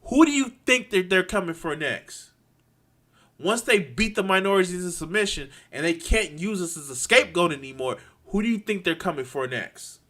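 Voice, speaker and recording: A man ranting angrily to his viewers, swearing a lot, stumbling over restarts and swinging between quiet and loud. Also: high-pitched, animated. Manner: profane, halting, many restarts. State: angry and frustrated. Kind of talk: angry unscripted rant.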